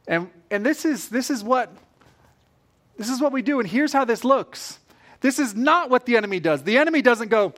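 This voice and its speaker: A male pastor delivering a sermon in an animated way, repeating phrases for emphasis. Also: extremely high pitch, moderate pace.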